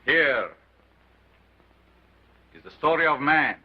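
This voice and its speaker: In the style of a 1930s film, an actor plays a sinister showman doctor, grandiose and commanding, declaiming solemnly to a crowd in an unusual foreign accent. His voice is fairly high, animated, breathy and exaggerated, delivered slowly, and the old soundtrack is dull and full of hiss.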